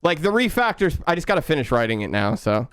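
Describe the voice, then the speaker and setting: A young man chatting casually with his viewers while coding on a live stream, relaxed and quick to laugh. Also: a little high, smooth, no room sound, clean studio sound. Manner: laid-back, chatty, laughs often, talks to chat.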